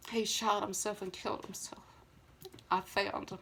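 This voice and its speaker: A woman's voice: medium pitch, level tone, moderate pace, vocal fry, fairly bright tone, a little hiss or hum. An older woman, talking to her viewers in a casual, heartfelt monologue. She rambles earnestly and fills her speech with "you know.". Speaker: vlogger.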